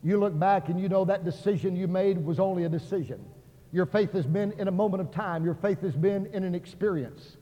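Impassioned preacher in an echoing hall. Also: male voice, high voice, brisk. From Oklahoma. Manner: impassioned, acts out quoted voices, rises to near shouts. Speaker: evangelist preacher. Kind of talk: revival sermon. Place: large auditorium. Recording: dull sound in a hall with long reverb.

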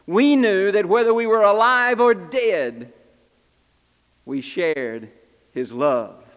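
A man portraying Simon Peter, the impulsive fisherman who became an apostle, delivers an earnest, confessional first-person sermon to a congregation. His voice sits high for a man, and it rings out with a long reverb through a church hall. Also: expressive, slow pace, lo-fi sound. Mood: exhorting. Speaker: preacher in character.

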